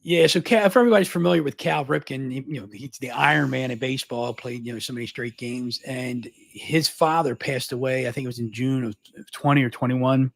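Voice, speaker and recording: A middle-aged man from Baltimore, a guest on a live interview, telling a long story at high speed, often repeating words and restarting. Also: gravelly, no room sound. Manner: fast, energetic, long-winded storytelling.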